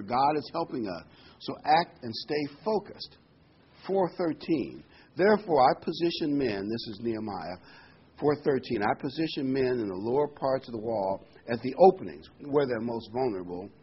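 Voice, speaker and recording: A man delivers a folksy sermon. He tells corny jokes and pauses on frequent ums, at an everyday middle pitch. The recording sounds a little dull, with a faint hiss of room noise behind him. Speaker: preacher.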